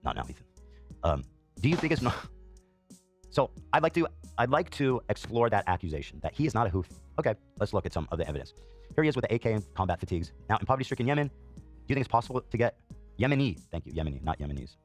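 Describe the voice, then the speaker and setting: A man's voice: mid-range voice, very animated, fast, faint music behind. A male podcast host giving heated reaction commentary, swearing, coughing and filling gaps with "um".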